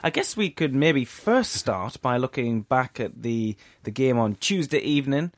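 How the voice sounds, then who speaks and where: A man hosting a casual football podcast in a studio, relaxed and hesitant. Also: mid-range voice, measured pace, no room sound. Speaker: podcast host.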